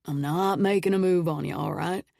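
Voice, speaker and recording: A woman voicing an easygoing young man who coaches and teases a girl, in a lower, relaxed drawl, in an audiobook reading. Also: moderate pace, creaky, no room sound, studio quality. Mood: gentle, teasing. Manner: relaxed, low teasing drawl.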